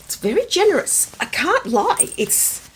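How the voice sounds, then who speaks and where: A woman with a raspy, hoarse voice from a starting cold, chatting casually and musing aloud as she reviews a handbag. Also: extremely high pitch, very animated, a little slow, a little hiss or hum. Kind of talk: casual vlog chat.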